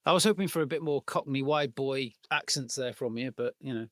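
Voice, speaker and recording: A man's voice: mid-range voice, brisk, fairly bright tone, no echo, studio quality. A man on a podcast panel chatting casually with an enthusiastic manner. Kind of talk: casual chat.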